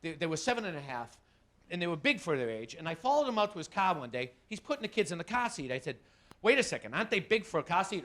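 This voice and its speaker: A man with a Boston accent doing a stand-up comedy routine, telling stories animatedly, acting out the people in them and shouting the punchlines. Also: fairly high pitch, fast talker. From Boston area, USA. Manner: animated storytelling, acts out quoted voices, shouting punchlines.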